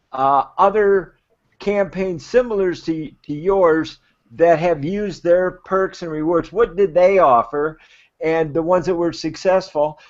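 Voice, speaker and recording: Enthusiastic adviser, male, higher-pitched, dull lo-fi call audio. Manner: excited, rambling, self-described natural enthusiast. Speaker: crowdfunding adviser. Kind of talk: enthusiastic advice on a live web show. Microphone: video call.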